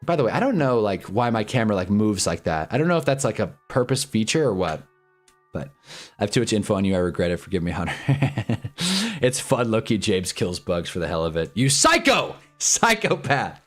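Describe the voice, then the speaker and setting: A man's voice: on the low side, animated, a little fast, soft background music. A man in his twenties ranting casually on a livestream, rambling and joking with frequent laughs. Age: 20s. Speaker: livestream host.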